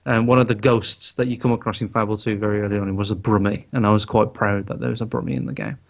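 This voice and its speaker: A man's voice: lowish voice, steady tone, quick pace, gravelly. A man from the Midlands, chatting on a gaming podcast in a hesitant way, restarting his sentences often. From English West Midlands. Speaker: podcast co-host. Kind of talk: casual gaming chat.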